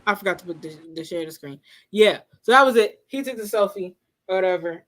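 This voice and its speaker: A woman hosting a casual livestream, telling a story in an animated, laughing way and acting out what people said. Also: mid-range voice, fairly quick. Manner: animated, laughing storyteller who acts out quotes. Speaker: livestream host.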